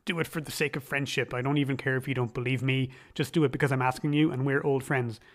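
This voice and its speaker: A man's voice: mid-range voice, steady tone, quick pace, lightly acted. Stern commanding occult leader, urgent and serious, as a man quotes him in a recap.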